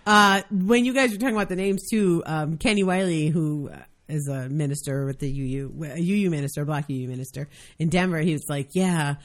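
A woman co-hosting a podcast, chatting casually and telling stories in an animated, profane way. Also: deep voice, fairly quick. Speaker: podcast co-host. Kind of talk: casual chat, reading a story aloud.

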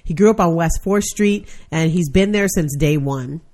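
A woman's voice: fairly low pitch, normal speed, a little mellow. A woman co-hosting a casual podcast, recounting a news story bluntly with plenty of swearing. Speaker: podcast co-host. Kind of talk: casual chat.

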